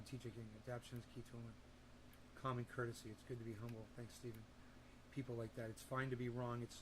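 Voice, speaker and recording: A man's voice: medium pitch, slight background noise. A man hosting a livestream, chatting in a rambling, laid-back way and swearing casually. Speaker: livestream host.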